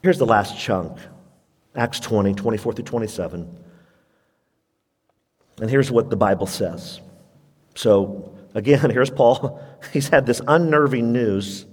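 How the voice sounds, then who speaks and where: A man preaching a radio sermon as pastor, animated, jumping into sudden high-pitched emphasis. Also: measured pace, long pauses, husky, big-room sound.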